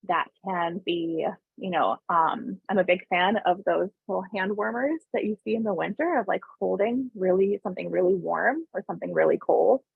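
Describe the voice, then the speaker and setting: Gravelly woman on a tinny webinar line. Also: fairly low pitch, moderate pace, no echo. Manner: conversational, often adds tag questions; calm explaining tone, briefly voices parents and kids. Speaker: parenting webinar presenter. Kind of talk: informal online presentation. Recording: tinny phone-like dry webinar audio.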